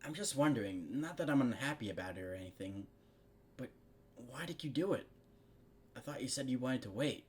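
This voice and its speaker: A man's voice: mid-range voice, expressive, brisk, long pauses, husky, pitched above the performer's own voice. A man voicing a cocky, teasing young female pegasus pony from a cartoon, reading her lines aloud from a fan story. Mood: curious. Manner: teasing, blunt.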